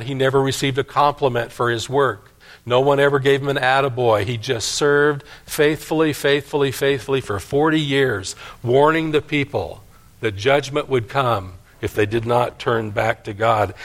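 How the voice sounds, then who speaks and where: An older man, a pastor, preaching a sermon and telling a folksy story from his childhood. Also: mid-range voice.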